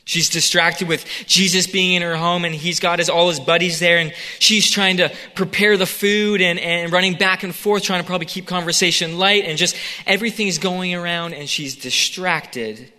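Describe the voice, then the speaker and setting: A man's voice: sits high, steady tone, moderate pace, few pauses, sharp tone, in a large hall. A man preaching a sermon in a conversational way, acting out the scene with quoted voices.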